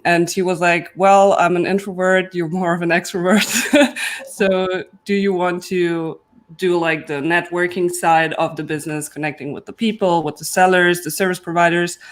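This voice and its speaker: A woman on a panel, telling her story in an earnest, reflective way. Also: on the low side. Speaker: panel guest. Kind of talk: casual panel chat.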